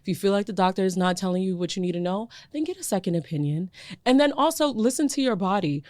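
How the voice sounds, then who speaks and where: Animated woman podcast co-host, dry sound. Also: mid-range voice, fast, no echo. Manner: animated, emphatic and repetitive, laughs often. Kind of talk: casual chat.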